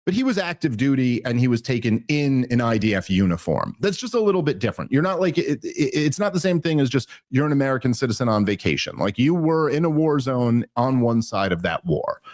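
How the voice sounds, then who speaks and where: A man hosting a political podcast, talking in an animated, indignant way and often restarting his sentences. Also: medium pitch, a little fast, few pauses, no room sound, studio quality. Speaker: podcast host. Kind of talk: political commentary chat.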